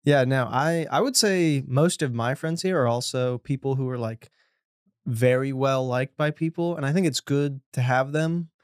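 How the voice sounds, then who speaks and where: A man's voice: medium pitch, normal speed, no echo, clean studio sound. Laid-back male podcast host. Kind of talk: casual chat.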